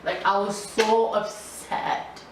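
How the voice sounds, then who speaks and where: A young woman vlogger telling a casual storytime in an animated, chatty way, full of slang and laughter. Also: mid-range voice, takes it slowly. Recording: echoey room, distant mic, faint hiss.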